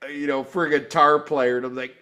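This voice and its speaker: A man hosting a casual live review chat, swearing freely and getting excited. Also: on the high side, brisk. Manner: profane, excitable, mimics guitar sounds. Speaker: show host.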